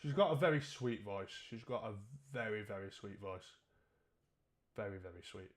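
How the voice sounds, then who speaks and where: A man's voice: fairly low pitch, expressive, moderate pace. A man chatting casually and jokingly with his live-stream chat, swearing freely.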